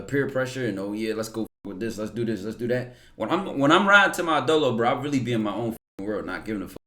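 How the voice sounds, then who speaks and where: A man's voice: mid-range voice, fairly bright tone. A young man talking casually on a stream, answering viewer questions bluntly with lots of slang and cursing. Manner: blunt, slangy, curses freely, repeats words. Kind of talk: casual livestream talk.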